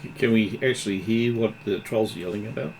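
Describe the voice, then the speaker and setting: A man playing a tabletop game, dropping quick wry remarks. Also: fairly low pitch, darkish tone, a little hiss or hum, rough recording. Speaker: player.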